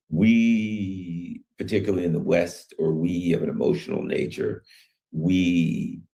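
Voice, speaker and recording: On his own news commentary channel, a man with a low, mellow voice rambles emphatically through opinionated solo commentary, acting out other people's words.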